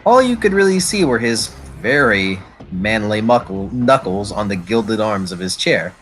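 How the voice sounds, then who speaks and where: Lively low-voiced male game master. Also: normal speed, slight background noise, poor audio. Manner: descriptive narration with fillers and self-corrections. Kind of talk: narrating a tabletop game. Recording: faint background music.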